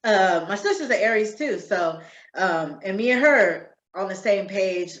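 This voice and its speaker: A woman co-hosting a podcast, chatting in an animated, laughing way. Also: mid-range voice, a little slow. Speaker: podcast co-host. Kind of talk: casual chat. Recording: echoey, dull lo-fi room sound.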